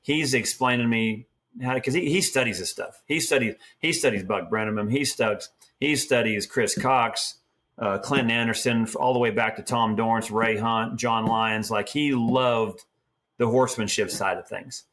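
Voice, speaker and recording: A man's voice: medium pitch, moderate pace. A middle-aged man from Oregon, a team roper and trainer, telling stories in a casual, folksy way. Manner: folksy, animated storyteller acting out quotes. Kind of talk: casual storytelling.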